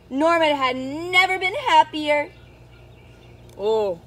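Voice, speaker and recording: A woman who is a children's storyteller, reading a picture book aloud to young children in an animated teacher's voice that keeps asking them questions. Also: high-pitched, slow pace. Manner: animated, sing-song teacher talk with questions to the kids.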